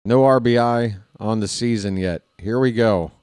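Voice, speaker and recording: A man's voice: lowish voice, moderate pace, clean tone, dry recording, studio quality. A man calling a baseball game play-by-play as a partisan fan, with a voice that is starting to tire. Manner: partisan, excitable on big plays, chats with viewers. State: voice getting tired.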